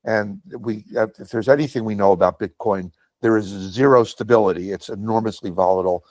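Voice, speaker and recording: A man's voice: on the low side, fairly quick, a little mellow, dry recording. A man in a meeting discussion, making his points emphatically and stressing key words. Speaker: meeting participant. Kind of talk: discussion comment.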